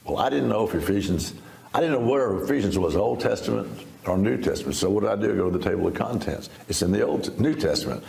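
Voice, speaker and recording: A man's voice: low-pitched, gravelly, darkish tone, reverberant. A man in his seventies from Texas, giving a personal testimony in a folksy, storytelling way, with laughs and restarts. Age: 70s. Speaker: interview guest. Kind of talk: personal testimony in a sit-down interview.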